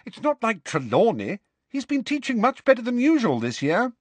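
A man's voice: very high voice, wildly swooping pitch, normal speed, dry recording, voice pushed up, full character voice. A man voicing an indignant teenage schoolgirl in a storybook reading.

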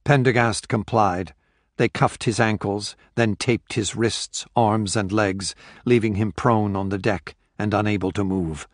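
A man narrating a thriller audiobook in a steady, measured storytelling voice. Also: on the low side, no echo, studio quality.

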